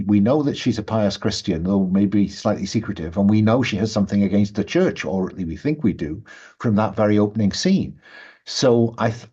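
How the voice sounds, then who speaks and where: Husky-voiced man narrating as game master. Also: lowish voice. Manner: soft-spoken, thoughtful, with fillers. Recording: dull lo-fi sound.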